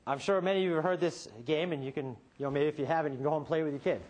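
A man's voice: a little high, dull audio, a little hiss or hum. Man arguing a courtroom closing, rhetorical. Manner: rhetorical questions, dramatic pauses, swings between quiet and emphatic. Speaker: defense attorney.

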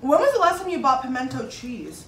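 A young woman in her twenties hosting a casual chat mukbang, bubbly and animated, laughing often. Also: sits high, a little fast. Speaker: YouTuber host. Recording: echoey room, distant mic, some noise.

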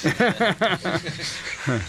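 A man's voice: sits high, extremely slow, background noise. A man being interviewed about a film role at a press junket, telling rambling stories with easy chuckles. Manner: relaxed, rambling storytelling with chuckles. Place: hotel press junket room, indoors.

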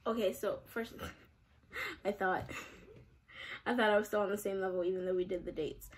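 A woman's voice: medium pitch, fairly even intonation, moderate pace, breathy edge. A woman giving casual gaming commentary, chatty, giggly and self-deprecating. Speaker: game streamer.

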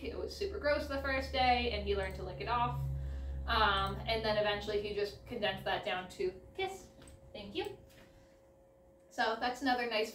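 Lady at home running her dog through tricks, kinda high voice, echoey room, mic a ways off. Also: slight background noise. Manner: relaxed explaining, interrupted by short upbeat dog commands. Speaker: dog trainer and vlogger. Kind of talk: casual demonstration. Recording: roomy sound, mic at a distance, faint ambience.

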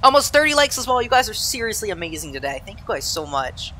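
Lively young Southern Californian streamer. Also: medium pitch, fast, slight background noise. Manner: chatty, reads and answers live chat while flying; laughs easily, self-deprecating. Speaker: flight sim streamer. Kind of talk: casual live-stream chat.

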